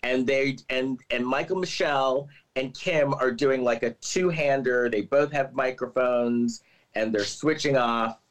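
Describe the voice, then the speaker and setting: Over poor audio, a man with a mid-range voice speaks at a measured pace. He's co-hosting a podcast, chatting casually and telling scenes with lively energy and lots of "like"s.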